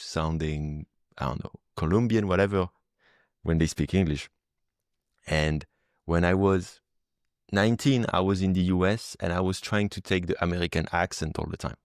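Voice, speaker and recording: A man's voice: deep voice, dry recording, studio quality. A French man hosting a podcast interview, chatting casually in English with a French accent and many fillers. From France. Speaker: podcast host. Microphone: video call.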